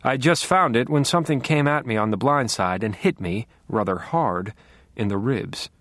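A man narrating a first-person audiobook in a dry, wry, measured way. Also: medium pitch, expressive, a bit bright, no echo.

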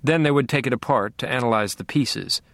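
A man's voice: mid-range voice, brisk, vocal fry, a bit bright, no echo. Brief: male audiobook reader, wry and detached, dry sound. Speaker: audiobook narrator. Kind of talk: first-person audiobook narration.

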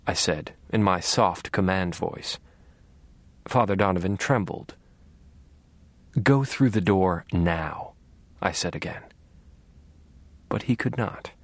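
Slow, low-voiced male audiobook narrator. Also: dry recording. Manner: quiet, menacing, measured delivery. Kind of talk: first-person audiobook narration.

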